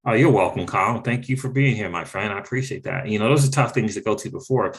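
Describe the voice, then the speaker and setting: A man hosting a casual livestream, animated and exclaiming, repeating phrases for emphasis and greeting viewers from the chat. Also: mid-range voice, fairly quick, hardly any pauses. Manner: reads out and thanks chat viewers. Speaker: crypto livestream host.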